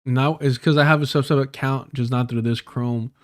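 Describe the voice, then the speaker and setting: A man hosting a live stream, chatting loosely and swearing often. His tone is joking and full of slang, at an ordinary pitch for a man. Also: fairly even intonation, normal speed. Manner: profane, joking, uses a lot of slang. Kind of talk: casual storytelling on a live stream.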